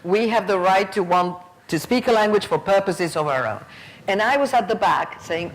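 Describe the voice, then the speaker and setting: A woman's voice: on the low side, normal speed, a little hiss or hum. A woman in her fifties giving a plenary conference lecture, telling stories and acting out the people in them. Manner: lively storyteller who acts out quoted voices. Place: conference hall.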